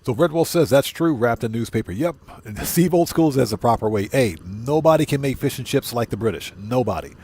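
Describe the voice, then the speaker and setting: A man's voice: mid-range voice, animated, brisk, few pauses, a little mellow, husky. A man livestreaming a video game, chatting casually with viewers and repeating himself for emphasis. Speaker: streamer.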